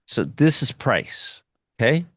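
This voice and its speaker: A man's voice: mid-range voice, very animated, slow pace, fairly bright tone, no room sound, studio quality. A man teaching a trading lesson at a whiteboard, emphatic, repeating phrases and checking in with "okay?". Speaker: trading educator.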